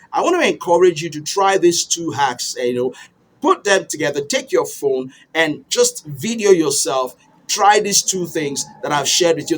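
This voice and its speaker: Male speaking coach, slightly high voice, animated teaching delivery with deliberate ups and downs. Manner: animated, varies pitch and pace on purpose. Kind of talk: instructional talk to camera.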